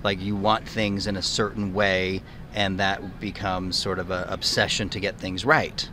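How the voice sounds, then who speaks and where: A man's voice: low-pitched, level tone, a little slow, background noise. A middle-aged man hosting a podcast, chatting in a rambling, opinionated way with frequent restarts. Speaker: podcast host. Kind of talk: casual interview chat.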